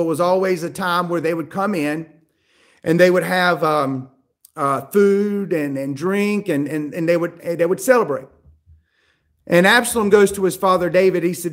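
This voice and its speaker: A man preaching a sermon, retelling a Bible story in a conversational way and checking in with his listeners as he goes. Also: high-pitched.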